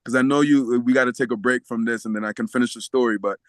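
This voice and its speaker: A man telling a story as a podcast guest, animated and often laughing, acting out the voices of the people in it. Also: mid-range voice, fast, no room sound. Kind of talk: storytelling in a casual interview.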